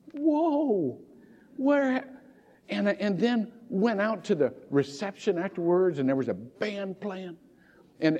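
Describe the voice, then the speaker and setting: A middle-aged man's high-pitched voice, darkish in tone, carries a sermon as he preaches as pastor in a church sanctuary. He wanders through emotional stories, laughing and growing tearful at times, captured in a muffled recording with long reverb.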